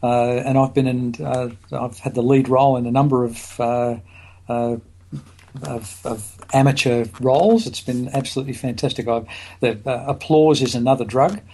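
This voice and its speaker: A man's voice: mid-range voice, fairly even intonation, moderate pace, a little mellow. Middle aged guy on a podcast, lots of uhs and restarts, easygoing pace. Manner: hesitant, many fillers and restarts. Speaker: guest, psychologist and author. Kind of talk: podcast interview.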